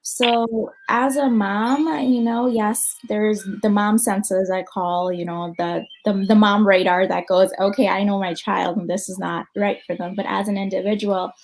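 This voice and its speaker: An American woman psychologist speaking at an online conference over a video call. She answers questions in a loose, conversational way, filling pauses with ums and you-knows as she thinks aloud, at an ordinary mid-range pitch. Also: little pitch movement, darkish tone, rough recording. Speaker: clinical psychologist.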